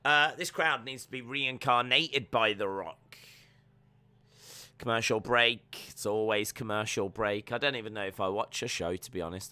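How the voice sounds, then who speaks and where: Chatty streamer, bright tone, dry mic, reads chat and riffs on the show. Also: male voice, on the low side, moderate pace, clear, resonant tone, no room sound, soft background music. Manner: joking, rambling, reads viewer comments aloud. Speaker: watch-along streamer. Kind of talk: live reaction stream, reading chat.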